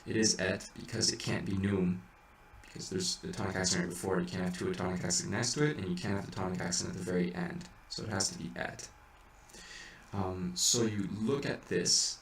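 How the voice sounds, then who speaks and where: In this relaxed music lesson, a chant teacher with a low, creaky voice muses his way through pointing a chant, stumbling and restarting before demonstrating bits in song. Faint hiss and room echo come through a distant microphone.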